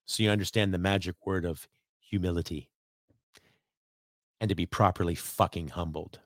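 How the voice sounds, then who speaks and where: A man's voice: sits low, fairly even intonation, moderate pace, dry recording, studio quality. A man from Canada hosting his own solo podcast, ranting bluntly and profanely at his audience. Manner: blunt, profane, rambling rant. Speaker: podcast host.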